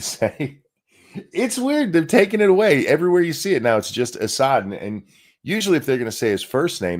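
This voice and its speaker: Male American stream host, casual sarcastic commentary, low voice that swings widely in pitch. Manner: sarcastic, profane, reads chat donations aloud. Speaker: podcast host.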